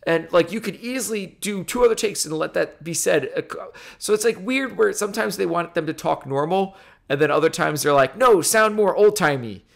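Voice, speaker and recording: A man co-hosting a casual movie podcast, easygoing and agreeable as he weighs in. His voice sits a little high for a man, and he slips into quoted lines to make his point. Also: fairly quick, vocal fry. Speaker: podcast co-host. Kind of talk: casual film review chat.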